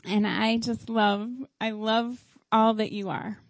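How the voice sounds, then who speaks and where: Woman preaching a heartfelt sermon, kinda high voice, slow and tender. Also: fairly even intonation, gravelly, dry recording, poor audio. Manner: heartfelt, tearful at times. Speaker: speaker at a church service.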